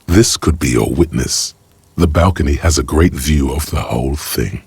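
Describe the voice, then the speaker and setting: The gravelly, deep narrator of a game. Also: male voice, moderate pace, darkish tone, heavily acted. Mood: theatrical. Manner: wry, theatrical inner commentary. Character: grave omniscient male narrator voice, the detective's inner skills. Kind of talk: video game voice acting. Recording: game audio with faint music.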